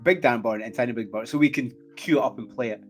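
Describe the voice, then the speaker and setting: A man co-hosting a casual fantasy football podcast, full of jokey banter and quick reactions, often laughing. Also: mid-range voice, soft background music. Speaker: podcast co-host.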